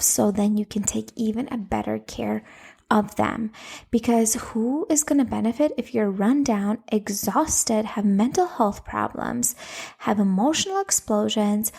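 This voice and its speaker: A woman's voice: on the high side, creaky, warm tone, slightly rough. A woman in her thirties, a parenting coach giving earnest, conversational advice straight to the viewer in a casual monologue. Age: 30s.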